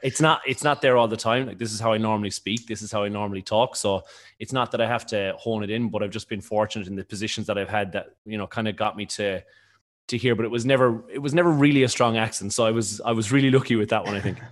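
Man, mild Limerick Irish accent, quick pace, lowish voice, rambling casual answers. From Ireland, County Limerick. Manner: rambling, quick, self-correcting. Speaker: radio presenter and stage co-host.

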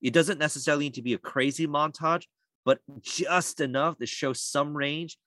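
Animated male voice actor, dry sound. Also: fairly high pitch, normal speed, dry recording. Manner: animated, lively storytelling with many fillers. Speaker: voice actor guest. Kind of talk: casual podcast interview.

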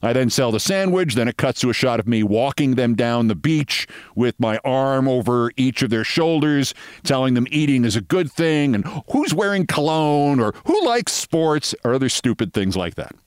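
A man's voice: medium pitch, expressive, moderate pace, smooth, dry recording, clean studio sound. A middle-aged man hosting a show, telling a long story in a wry, sardonic way and acting out both sides of the conversation. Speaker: host. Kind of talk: storytelling monologue.

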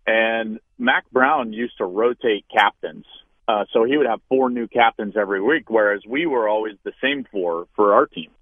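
A man in his thirties, a former college quarterback, telling a story as an interview guest, with lively acted-out quotes. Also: fairly low pitch, normal speed, dry recording. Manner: animated storyteller, acts out quoted voices loudly. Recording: tinny phone-like line, dry.

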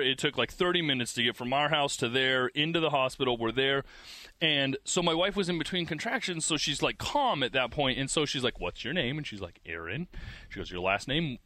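A man telling a dramatic personal story in casual conversation, acting out the quotes in an animated way. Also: a little high, dry recording. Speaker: guest telling a birth story.

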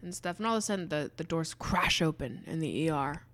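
A woman's voice: deep voice, quick pace, fairly bright tone. A woman co-hosting a podcast, telling an improvised story in a chatty, playful way. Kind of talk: casual improvised storytelling chat.

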